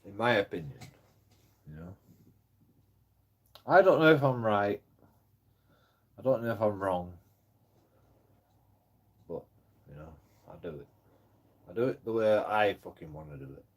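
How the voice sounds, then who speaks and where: Male streamer, angry rambling rant, heavy swearing, husky low voice. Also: expressive, unhurried, long pauses. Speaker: livestreaming auditor. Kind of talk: ranting live stream monologue.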